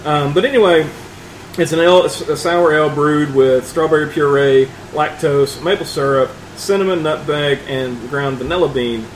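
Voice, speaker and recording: A man's voice: a little high, normal speed, slight background noise, rough recording. A man co-hosting a casual podcast chat, enthusiastic and swearing casually. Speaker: podcast co-host.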